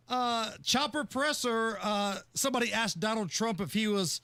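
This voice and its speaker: Sardonic high-voiced radio host. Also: male voice, normal speed, creaky, pushed and bright, smooth. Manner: sarcastic, laughs often. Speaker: radio talk show host. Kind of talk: opinionated radio talk. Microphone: studio microphone.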